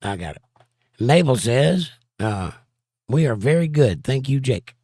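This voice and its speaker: A hoarse man hosting a casual livestream, reading chat comments aloud and joking around. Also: mid-range voice, big pitch swings, unhurried, warm tone, dry recording, clean studio sound. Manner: joking, playful banter.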